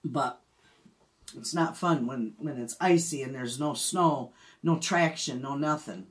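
A woman's voice: a bass voice, measured pace. A middle-aged woman, chatting casually as a homestead vlogger and telling a story with frequent laughs. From Michigan, USA. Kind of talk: casual chat.

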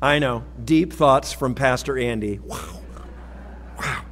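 A man's voice: medium pitch, slow, fairly bright tone, long reverb tail. A male pastor giving a sermon in a folksy, conversational way with light humor, recorded in a church sanctuary.

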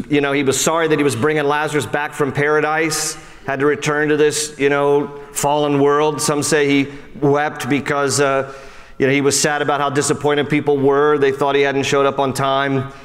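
A man preaching a sermon as pastor, animated and conversational, swinging between emphatic high lines and soft low ones, with frequent casual asides. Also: brisk, big-room sound. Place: church sanctuary.

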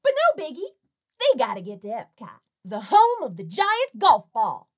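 A woman's voice: fairly high pitch, huge pitch swings, normal speed. A woman hosting a comedic film review, narrating with sarcastic, jokey asides. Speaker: film reviewer and show host.

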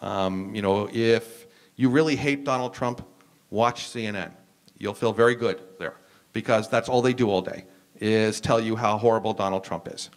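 An American university professor speaking on a panel, explaining at length with frequent "um"s and restarts. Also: male voice, on the low side, normal speed. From United States. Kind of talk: lecture-style discussion.

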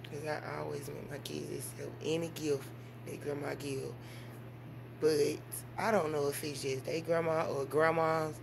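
Mom vlogger, woman, talks straight to camera in loose, animated storytelling. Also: moderate pace, vocal fry, background noise. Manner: animated storytelling with big swings in pitch and volume. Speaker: mother and vlogger. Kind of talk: casual vlog chat.

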